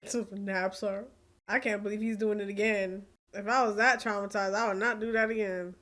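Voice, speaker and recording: A woman giving casual, excitable commentary while reacting to a film, often exclaiming. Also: mid-range voice, fairly quick. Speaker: movie reaction creator.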